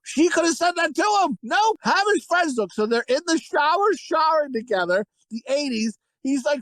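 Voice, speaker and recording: A man co-hosting a casual movie review podcast, talking in a crude, profane, rambling and excitable way. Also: very high voice, no room sound, rough recording. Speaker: podcast co-host.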